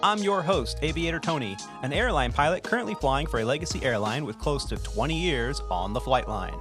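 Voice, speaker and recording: A man in his forties hosting from a home studio, telling stories in an animated way with plenty of laughter. His voice sits a little higher than most men's, and music plays underneath. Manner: animated storyteller who laughs often. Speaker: podcast host and airline pilot. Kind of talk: casual storytelling and scripted show intro.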